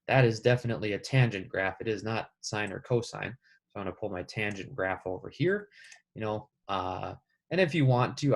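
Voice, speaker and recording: Gravelly-voiced man teaching math. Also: on the low side. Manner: casual, talks through steps aloud. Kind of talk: screen-recorded math lesson.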